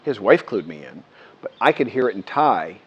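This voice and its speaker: A man's voice: on the low side, moderate pace, breathy edge. Older American man, casual vlog talk, restarts a lot, dull lo-fi sound. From United States. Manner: rambling, many restarts, animated quoting. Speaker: vlogger. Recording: muffled lo-fi sound.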